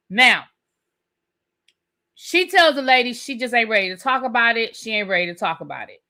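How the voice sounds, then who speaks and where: Bright-voiced woman hosting a live rant. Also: a little high, expressive, moderate pace, long pauses. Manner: chatty, repeats phrases for emphasis, talks to live chat. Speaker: TV review host. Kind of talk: live recap and rant, casual chat.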